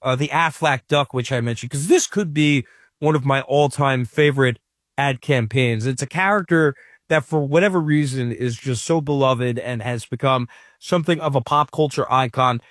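A man's voice: mid-range voice, normal speed, a bit bright, no echo, clean studio sound. A man hosting an interview, asking long, enthusiastic questions. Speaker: interview host.

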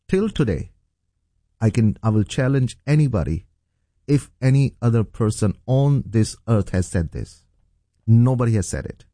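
Pakistan-born pastor guy, middle-aged, sharing his testimony earnestly, lots of uhs and restarts, warm tone. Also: on the low side, no room sound, clean studio sound. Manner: earnest storytelling with many fillers and restarts. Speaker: pastor, guest. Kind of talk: testimony in a faith interview.

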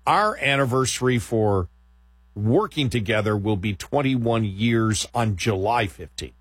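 A man's voice: on the low side, expressive, unhurried, breathy edge, no room sound. A middle-aged man, a radio host and podcaster, chatting casually, rambling and laughing as he quotes himself. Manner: rambling, laughing, self-quoting.

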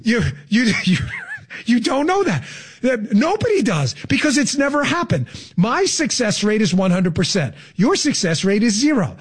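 Brief: incredulous male political talk host, sarcastic, high and swooping delivery. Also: big pitch swings, normal speed, slightly rough. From Florida resident. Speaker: radio talk show host. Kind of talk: political commentary.

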